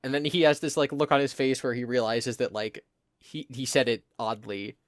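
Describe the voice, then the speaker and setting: A man's voice: mid-range voice, fairly even intonation, moderate pace, no echo, studio quality. A young man from New Jersey with a New Jersey accent, co-hosting a podcast in rambling casual chat and laughing often. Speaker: podcast co-host.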